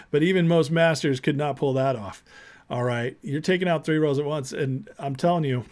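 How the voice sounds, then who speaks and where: A man's voice: fairly high pitch, normal speed, a little mellow. Indignant male political commentary host. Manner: emphatic, indignant, repeats words. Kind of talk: ranting commentary.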